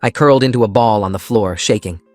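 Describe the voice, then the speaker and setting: Low-voiced man reading a story. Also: fast, dry recording. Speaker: narrator. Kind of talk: calm scripted story narration.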